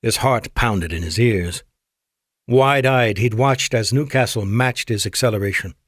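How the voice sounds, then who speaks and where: Man, audiobook narrator, mid-pitched, dry close sound, measured storytelling. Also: dry recording. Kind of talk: scripted narration.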